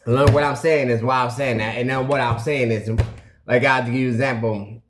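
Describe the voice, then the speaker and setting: Talking to a video camera, a man who hosts a recovery channel tells a story casually and animatedly, acting out phone calls, making sound effects and repeating "you know what I'm saying." His voice is mid-range and fairly quick, with a little hiss or hum.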